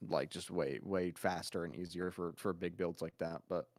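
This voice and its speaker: A man's voice: sits low, steady tone, moderate pace, a little mellow, dry recording, clean studio sound. A man hosting a casual podcast chat, rambling and laughing often.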